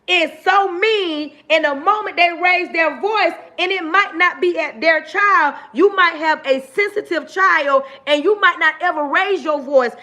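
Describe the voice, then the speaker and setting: Woman going off on a livestream, real high bright voice, keeps repeating herself. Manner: emphatic, repetitive, direct address to viewers. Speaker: livestream host. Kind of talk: casual livestream rant.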